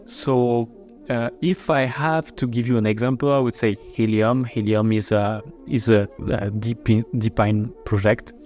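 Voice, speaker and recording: A man's voice: mid-range voice, steady tone, a little slow, a little mellow, faint music behind. A man with a French accent, a marketing chief, explaining his project in a casual podcast, with many fillers and restarts.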